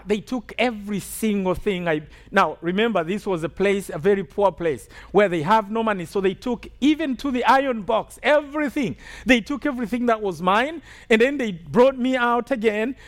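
A man's voice: high-pitched, moderate pace. A man from Rwanda preaching a sermon testimony, telling his story emphatically and checking in with the congregation. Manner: emphatic storytelling with call-and-response asides.

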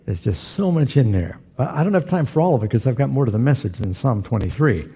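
A man's voice: medium pitch, animated, fast talker, mellow, slightly rough. A middle-aged man preaching a sermon as pastor, telling stories with humor and putting questions to his congregation. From Southern California.

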